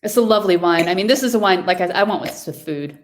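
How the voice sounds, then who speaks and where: A woman's voice: medium pitch, fast, slight background noise. A woman from New York hosting a virtual wine tasting over a video call, chatting casually and describing wines with enthusiasm.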